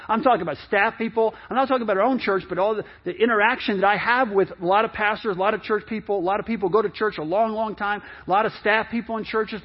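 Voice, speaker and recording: A man's voice: high voice, husky, dull audio. A middle-aged man preaching a sermon in a conversational way, with many repeats and restarts, acting out people's excuses. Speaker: pastor.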